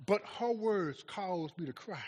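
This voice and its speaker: A man, a pastor preaching a sermon and telling a story, swinging from booming shouts down to hushed, near-whispered lines. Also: expressive, measured pace, long reverb tail.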